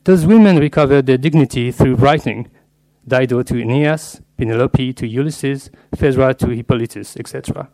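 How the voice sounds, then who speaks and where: Man at a lectern reading a measured, scholarly paper on literature; middle-range voice, steady academic delivery. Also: medium pitch. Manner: measured and scholarly, slipping in Latin and French terms. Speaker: literature scholar giving a lecture. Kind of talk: academic lecture read from a paper.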